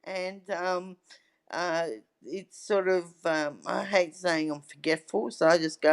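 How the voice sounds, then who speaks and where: Her voice is fairly low, clear and resonant, with fairly even intonation and an unhurried pace. This middle-aged woman is a guest in a relaxed interview, chatting through her stories and tagging lines with "right?"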